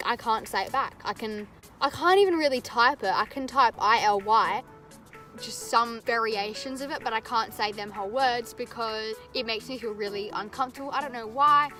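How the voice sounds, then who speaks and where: A woman's voice: a little high, normal speed, pushed and bright, faint music behind. A young woman, chatting candidly to camera in a rambling vlog. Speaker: vlogger. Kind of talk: casual chat to camera.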